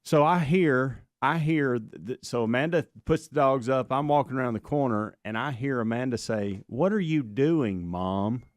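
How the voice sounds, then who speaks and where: A man, co-hosting a radio talk show and telling a rambling, animated story with many restarts. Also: mid-range voice, moderate pace, few pauses, no echo, clean studio sound.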